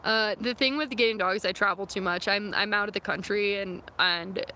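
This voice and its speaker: A woman's voice: mid-range voice, steady tone, normal speed, pushed and bright, slight background noise. A young woman chatting casually on a phone livestream outdoors, answering viewer comments in a rambling way full of "like" and "um". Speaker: vlogger reading live chat comments. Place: outdoors in the wilderness near her van. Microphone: phone camera.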